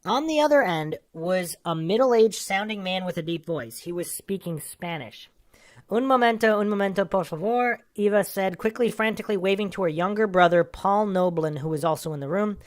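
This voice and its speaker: A woman's voice: lowish voice, moderate pace, few pauses. A woman hosting a true crime podcast, casually talking through a case and reading a magazine article aloud with brief asides. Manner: casual, with asides between read passages. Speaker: podcast host.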